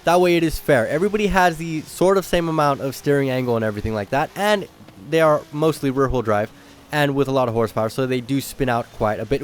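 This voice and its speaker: A young man hosting a car game video, talking casually and getting excited and loud at times. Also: mid-range voice, fast. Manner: excitable, slangy, bursts of shouting at rivals. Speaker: gaming channel host. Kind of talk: casual gameplay commentary.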